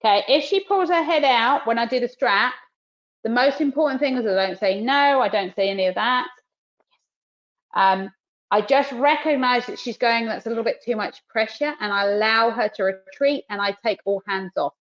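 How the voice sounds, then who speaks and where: A woman's voice: on the high side, normal speed, highs cut off. A woman dog trainer from New Zealand teaching a webinar, giving practical, direct instructions while she works with a dog.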